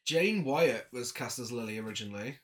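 A man's voice: medium pitch, animated, fairly quick. A man co-hosting a casual film-review podcast, making blunt, profane quips. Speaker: podcast co-host.

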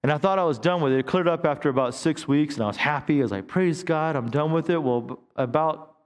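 A man's voice: on the high side, fast talker, big-room sound. A man in his fifties, a pastor preaching a sermon in a conversational way, with stammered restarts. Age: 50s. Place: church sanctuary.

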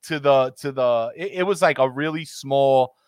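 A man's voice: medium pitch, normal speed, no echo, clean studio sound. A man co-hosting a sports podcast, joking in an easygoing way. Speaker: podcast co-host. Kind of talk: casual sports chat.

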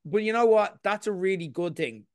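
A man's voice: sits high, expressive, moderate pace, a little mellow, dry recording, clean studio sound. A young man co-hosting a film podcast, talking through a review with enthusiasm and detail. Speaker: podcast co-host. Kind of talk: casual film review chat.

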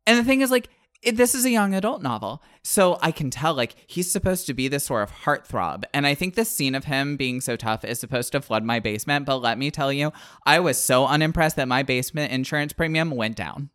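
Male podcast co-host, lively and snarky, caffeinated, dry studio sound. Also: mid-range voice, brisk, hardly any pauses, dry recording. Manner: animated, sarcastic, swings between loud and muttered asides. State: wired on caffeine. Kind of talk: casual book review chat.

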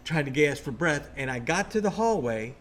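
Guest, man, wound-up ghost storyteller, higher voice, keeps restarting himself. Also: moderate pace, slight background noise. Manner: animated, rambling, restarts often. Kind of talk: excited storytelling.

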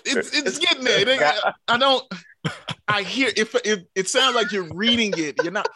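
Bright, teasing young man. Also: high voice, normal speed, slight background noise. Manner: teasing, animated, laughing. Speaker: podcast guest. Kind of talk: casual chat, storytelling.

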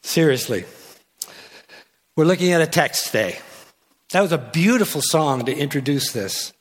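A guest pastor, an older man, delivers his sermon from the pulpit with teasing jokes, asides and restarts. His voice is on the high side and expressive, at a normal speed, and the church adds a long hall reverb.

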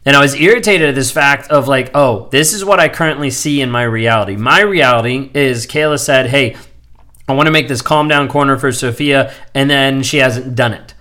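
A man in his thirties speaks at an ordinary mid pitch, hosting his own podcast. He talks candidly and loosely, circling back with many fillers as he works through his week. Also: normal speed, bright, forceful tone. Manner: candid, rambling, frequent "like" fillers. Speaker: podcast host. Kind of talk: casual solo podcast monologue.

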